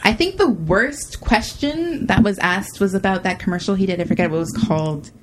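A woman's voice: medium pitch, a little fast, a little hiss or hum, rough recording. A woman co-hosting a casual podcast chat, talking eagerly and repeating words for emphasis. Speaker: co-host.

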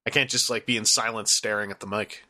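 Bright-voiced joking podcast host, a man. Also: on the low side, fairly even intonation, fast. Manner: rambling, joking, quotes reader comments. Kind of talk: casual chat.

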